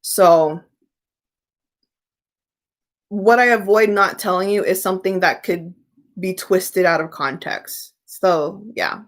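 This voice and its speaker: A woman's voice: lowish voice, measured pace. A young woman chats loosely on her live stream about tarot, reading out viewer questions as they come in. She answers frankly and easily, like she is talking with friends. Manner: chatty, candid, reads viewer questions aloud and answers them.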